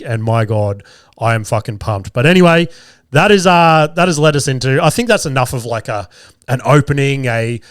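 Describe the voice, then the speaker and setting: Recorded dry and close with no room sound, a man in his thirties uses his mid-range voice to host a casual comedic podcast. He rambles, jokes crudely and swears, sounding a little nasal and stuffy as he gets over a cold.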